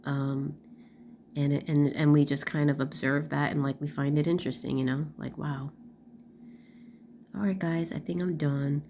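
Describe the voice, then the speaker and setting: A middle-aged woman rambles through a casual personal vlog, full of fillers and restarts. Her voice sits low with a gravelly edge and a mellow, dark tone, and a faint hiss runs beneath the recording. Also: flat delivery, moderate pace, long pauses. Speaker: vlogger.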